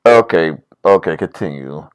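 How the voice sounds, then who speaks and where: Brief: animated male player, halting and restart-heavy. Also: low voice, clear, resonant tone. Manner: halting, with many restarts and fillers. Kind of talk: tabletop game play.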